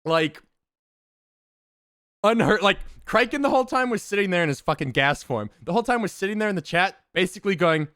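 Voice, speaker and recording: A man streamer excitedly telling a tabletop game story to his chat, swearing and laughing often. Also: high voice, a little fast, no room sound, clean studio sound.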